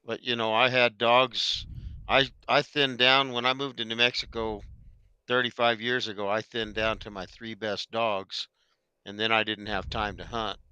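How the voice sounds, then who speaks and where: A veteran hound hunter reminiscing in a rambling, hesitant way. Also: male voice, on the low side, level tone, normal speed, pushed and bright, smooth, dry recording. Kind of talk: casual reminiscing.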